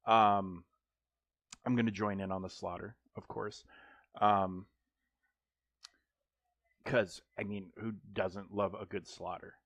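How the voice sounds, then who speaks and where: A man with a fairly low voice chats his way through a live gameplay stream, joking and wandering off on tangents with plenty of ums. The sound is dry and close to the microphone, with no room echo. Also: a bit bright. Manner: rambling and joking, with frequent ums and restarts. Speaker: game streamer.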